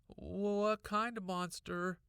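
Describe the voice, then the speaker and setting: A man's voice: sits high, steady tone, slow pace, creaky, fairly bright tone, smooth, no echo, studio quality, pitched above the performer's own voice, exaggerated voice. A man voicing a curious little boy who asks eager questions. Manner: eager, wide-eyed questions.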